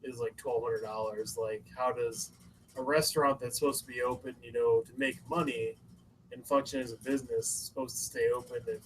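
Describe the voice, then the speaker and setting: A man's voice: medium pitch, fairly even intonation, a little fast, slight background noise, poor audio. A man co-hosting a podcast, talking loosely with lots of fillers and swearing. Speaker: podcast co-host. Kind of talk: casual chat.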